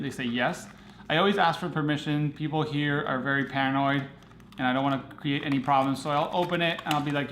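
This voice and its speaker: A man's voice: fairly high pitch, fairly quick, a bit bright, roomy sound, slight background noise. A man hosting a photography livestream, rambling casually as he answers viewer comments.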